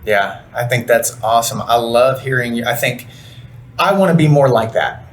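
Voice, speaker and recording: A man hosting a podcast interview, enthusiastic and affirming, chatting casually with his guest. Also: medium pitch. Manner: enthusiastic, affirming, quick to agree. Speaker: podcast host and recruiter.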